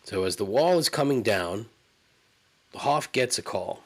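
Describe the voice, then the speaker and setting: A man's voice: lowish voice, lively intonation, unhurried, a bit bright. A man hosting a solo podcast, telling a story in a rambling, profane, incredulous way. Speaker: podcast host. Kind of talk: casual solo monologue.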